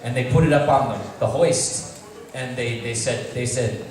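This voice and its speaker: A man's voice: medium pitch, moderate pace. A man telling jokes and stories as a guest on a convention panel, filmed from the audience. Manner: joking, animated storytelling. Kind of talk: casual stage chat. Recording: echoey hall, fan camera far off, audience noise.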